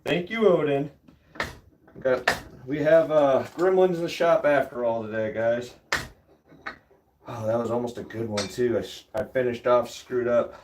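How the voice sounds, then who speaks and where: A man's voice: mid-range voice, steady tone, unhurried, long pauses, noisy background. A man giving casual live commentary to his viewers from a hot workshop, chatting straight to them as he works. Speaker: livestreamer casting metal. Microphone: phone livestream.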